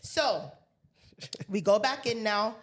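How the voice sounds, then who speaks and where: A woman co-hosting a podcast, telling a story in a casual, animated way and acting out the people in it with plenty of swearing. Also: medium pitch, takes it slowly. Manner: animated storyteller, acts out quoted voices, heavy swearing. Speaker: podcast co-host.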